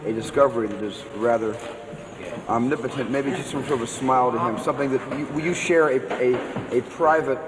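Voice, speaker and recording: A man's voice: medium pitch, brisk, long reverb tail. Man directing actors amid crowd noise. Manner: coaxing, talks actors through a scene. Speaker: director on set. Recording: archival set footage with crowd noise.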